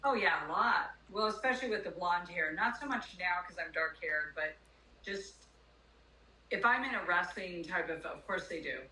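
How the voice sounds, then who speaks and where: An older woman, a former pro wrestler and podcast guest, telling stories in animated casual chat. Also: lowish voice, moderate pace. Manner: animated storyteller. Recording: echoey room, distant mic, faint noise.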